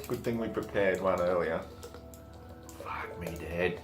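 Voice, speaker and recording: An Australian man giving a crude, rambling comic monologue to camera, swearing freely with deadpan humor. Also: deep voice, unhurried, music in the background. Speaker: vlogger.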